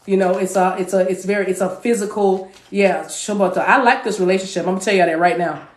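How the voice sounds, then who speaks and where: A woman's voice: medium pitch, steady tone, fast. A woman giving a live tarot reading to her viewers. She talks in a chatty way, repeats phrases, and now and then slips into speaking in tongues. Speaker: tarot card reader. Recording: echoey room.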